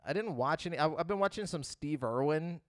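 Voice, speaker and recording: A man's voice: fairly high pitch, lively intonation, a little fast, no echo, clean studio sound. A young man co-hosting a casual gaming podcast, joking and laughing often, with lots of fillers and restarts. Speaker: podcast co-host.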